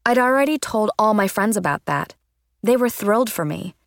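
A woman narrating a children's chapter book in the first person, with a lively, expressive delivery. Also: mid-range voice, moderate pace, no room sound, studio quality. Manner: lively, expressive reading with character voices. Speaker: audiobook narrator.

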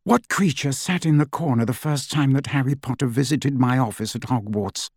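A man's voice: medium pitch, normal speed, a little mellow, no echo, clean studio sound, natural voice. A man voicing a tense, terse middle-aged wizard who speaks urgently. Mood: stern.

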